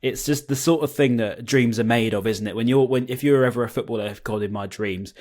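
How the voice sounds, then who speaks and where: A man's voice: mid-range voice, brisk, a little mellow. A man, a podcast co-host in casual, enthusiastic football chat over a video call. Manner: chatty, enthusiastic, many restarts and fillers.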